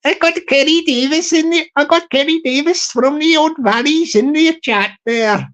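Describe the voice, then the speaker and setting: A man's voice: extremely high pitch, normal speed, a bit bright, voice pushed up. A man doing a jokey put-on Welsh accent, greeting people in a live stream chat. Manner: jokey, hammy impression.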